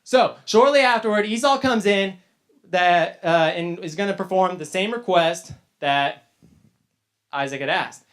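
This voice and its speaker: A man's voice: high voice, measured pace, fairly bright tone. A man teaching a casual Bible lesson to young people, retelling the story loosely with chatty asides. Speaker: youth teacher.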